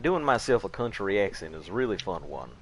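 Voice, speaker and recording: A man's voice: fairly low pitch, big pitch swings, brisk, noisy background. A man hosting a game live stream, chatting casually and rambling, laughing at his own jokes. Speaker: gaming live-stream host.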